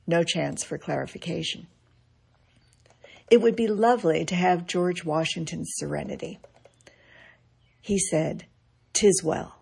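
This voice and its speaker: Husky, wry woman reading an essay. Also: fairly low pitch, dark tone. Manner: wry, measured, quoting others with dry emphasis. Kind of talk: scripted reflective narration.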